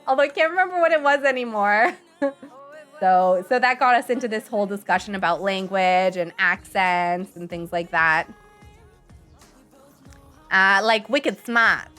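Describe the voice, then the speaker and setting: A young woman with a bright, slightly high voice chats and giggles her way through a live game stream. She is bubbly and warm with her viewers, and quiet game music plays softly behind her. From grew up bilingual in French and English. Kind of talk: casual live-stream chat over gameplay.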